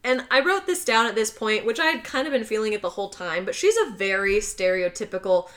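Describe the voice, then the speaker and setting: A young woman co-hosting a casual podcast, animatedly recapping a film plot and acting out the characters' lines in high, loud voices. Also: animated, brisk. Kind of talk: casual chat.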